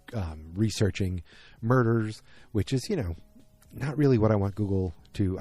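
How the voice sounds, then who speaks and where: A man's voice: low-pitched, warm tone, dry recording. A man hosting a podcast, recapping an episode in a rambling, unsure way and often second-guessing himself while talking outdoors. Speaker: podcast host. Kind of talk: casual solo episode recap.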